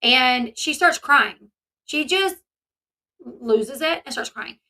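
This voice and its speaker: A woman's voice: high-pitched, lively intonation, takes it slowly, sharp tone. A woman hosting a commentary channel, talking casually and animatedly, retelling events and acting out the people she quotes.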